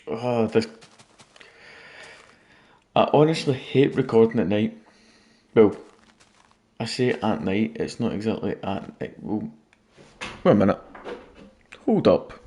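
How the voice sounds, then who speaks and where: A man's voice: on the low side, slow, long pauses, dark tone. Man, gaming commentary, casual, jokey, rambling, late-night chat. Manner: rambling, jokey, talking to viewers. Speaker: gaming YouTuber.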